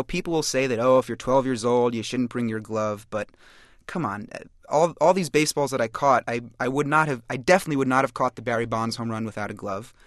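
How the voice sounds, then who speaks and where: A man's voice: mid-range voice, a bit bright, dry recording. A man talking as a studio guest, explaining eagerly and fluently. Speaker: studio guest, baseball collector. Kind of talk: interview talk.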